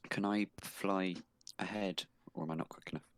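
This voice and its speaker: A man's voice: sits low, steady tone, moderate pace. A man playing in a tabletop game, eager and stumbling over his questions. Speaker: player. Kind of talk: casual tabletop play.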